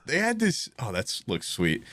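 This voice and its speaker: A man's voice: mid-range voice, wildly swooping pitch, a little slow, a bit bright, dry recording. A young man telling a funny story on a podcast, laughing often and swearing as he talks. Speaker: podcast co-host. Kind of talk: casual comedic storytelling.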